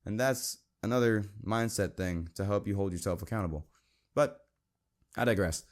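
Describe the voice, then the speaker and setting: A young man hosting a Christian podcast, talking earnestly and casually and reading verses aloud. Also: normal speed. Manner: earnest, conversational, quotes scripture, mimics friends in a high voice. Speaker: podcast host.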